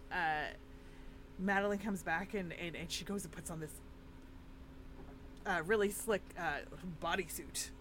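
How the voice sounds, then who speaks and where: A woman's voice: on the low side, background noise. A woman co-hosting a podcast, chatting casually and retelling a film with lots of fillers and laughs. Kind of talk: casual chat recapping a film.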